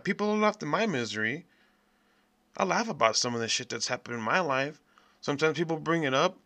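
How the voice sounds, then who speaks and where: A man hosting a podcast, delivering a profane, blunt, animated rant in a casual monologue. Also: fairly high pitch. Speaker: podcast host.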